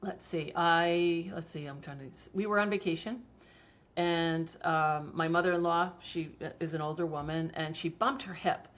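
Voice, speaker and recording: A middle-aged woman with a slightly low voice tells stories in a relaxed, chatty way and uses plenty of fillers. The recording sounds dull and lo-fi. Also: moderate pace. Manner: chatty storytelling, laughs often, frequent fillers. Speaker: homeopathy practitioner, guest. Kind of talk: casual interview talk.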